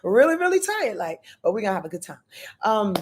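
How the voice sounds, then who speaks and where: Lively, effusive woman livestreaming. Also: medium pitch, brisk, a little hiss or hum. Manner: effusive, greets viewers by name, laughs often. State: tired. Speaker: astrologer hosting a livestream. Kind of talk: casual livestream chat.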